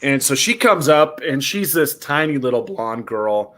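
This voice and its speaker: A young man hosting a podcast, telling a story with lots of acted-out quotes and big jumps in pitch. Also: expressive, measured pace, fairly bright tone. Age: young adult. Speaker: podcast host. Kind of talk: animated storytelling.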